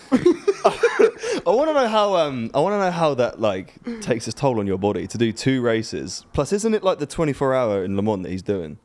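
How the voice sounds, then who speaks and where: A man's voice: lowish voice, big pitch swings, moderate pace, darkish tone. A man co-hosting a casual sports podcast, joking and offhand, often trailing off mid-thought. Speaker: podcast co-host. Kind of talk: casual chat.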